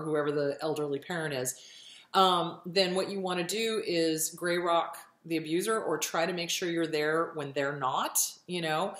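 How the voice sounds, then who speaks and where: A woman's voice: low-pitched, fairly bright tone, roomy sound. A woman hosting a talk show and answering viewer questions about healing. She speaks emphatically, repeats key phrases, acts out inner voices and swears casually. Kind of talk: casual advice monologue.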